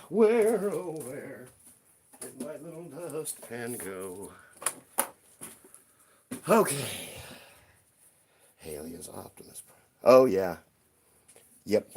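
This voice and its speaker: A man's voice: mid-range voice, darkish tone, a little hiss or hum. A man hosting a casual live stream, chatting playfully with his viewers while he cleans a shelf at home. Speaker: livestream host. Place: room at home by a toy shelf.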